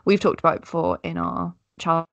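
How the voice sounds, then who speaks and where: Gravelly young woman. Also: fairly low pitch, steady tone, fairly quick, fairly bright tone, dry recording. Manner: laid-back, laughs often, blunt remarks. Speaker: podcast co-host. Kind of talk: casual chat. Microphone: video call.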